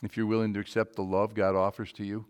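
A man preaching a sermon, with emphatic calls that swing to quiet, low asides. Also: little pitch movement, fast, clean tone.

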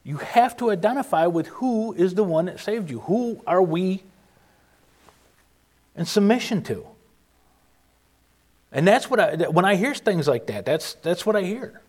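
A man preaching in an earnest, emphatic way, his voice sitting a bit higher than most men's. His pitch rises and falls a great deal as he pushes his points. He often restarts and stalls before pressing on. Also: animated, darkish tone. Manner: earnest, emphatic, with frequent restarts and halting pauses. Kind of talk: informal sermon.

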